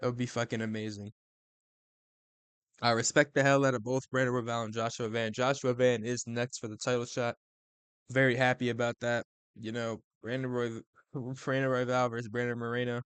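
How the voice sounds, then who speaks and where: An excitable young man talks through fight results in loose, profane slang. He jumps between loud outbursts and quiet mutters. The sound is dry and close. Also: mid-range voice, moderate pace, clean tone, no echo. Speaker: MMA commentator. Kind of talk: casual fight recap.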